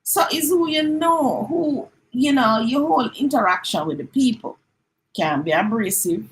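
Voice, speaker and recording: On a live stream, a middle-aged Jamaican-accented woman chats casually, slipping between standard English and patois. Her voice sits on the high side with lively intonation, and she acts out quick little dialogues, though the audio is poor.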